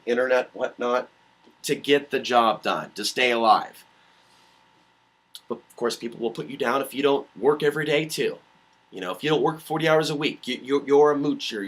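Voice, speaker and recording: Male vlogger, slightly high voice, animated profane rant on a webcam mic. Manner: animated, swearing, mocking voices. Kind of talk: rambling solo vlog rant.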